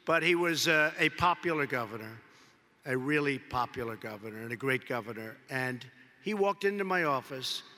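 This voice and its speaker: Rambling politician booming in a big hall. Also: male voice, expressive, normal speed, bright, forceful tone. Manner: rambling, repetitive, heavy on superlatives. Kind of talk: rally speech. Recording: long reverb of a large hall.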